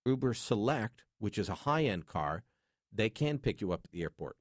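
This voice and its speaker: A man's voice: lowish voice, very animated, moderate pace, dry recording, studio quality. A man hosting a call-in radio talk show, chatting in a casual, opinionated way.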